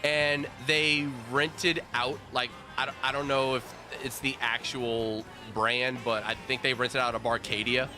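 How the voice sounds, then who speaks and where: A man streaming with viewers, telling a casual, animated story with plenty of swearing and restarts. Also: medium pitch, a little slow, few pauses, music in the background. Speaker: streamer host. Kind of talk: casual storytelling while gaming.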